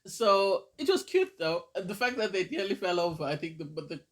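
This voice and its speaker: A man with a notably high voice talks through a reality show episode in a loose, casual recap. He gushes and exclaims as he goes, in an easy, chatty review style. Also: big pitch swings, a little fast, a bit bright.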